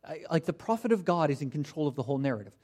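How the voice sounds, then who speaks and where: A man's voice: on the high side, sing-song, very fast, a little mellow. Man preaching with mocking asides. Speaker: pastor. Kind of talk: sermon.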